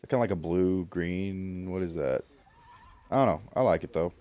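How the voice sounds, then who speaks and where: A low-voiced Southern man in his thirties, drawling through a relaxed gameplay stream. He rambles, pokes fun at himself and talks to the creatures on his screen like pets. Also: normal speed. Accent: Southern American. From Southern United States. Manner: rambling, self-mocking, chats to the game animals. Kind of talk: casual gameplay commentary.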